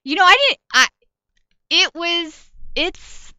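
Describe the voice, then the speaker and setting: A woman's voice: very high voice, slow pace, pushed and bright, no echo, lo-fi sound. A woman comedian and voice actor chatting in an interview, telling stories in a self-deprecating way with laughs along the way. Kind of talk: casual interview chat.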